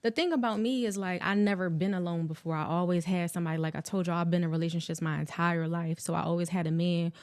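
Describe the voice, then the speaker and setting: A woman talking casually on a podcast about her life, relaxed and reflective, with slang. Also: lowish voice, quick pace, few pauses, no room sound. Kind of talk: casual chat.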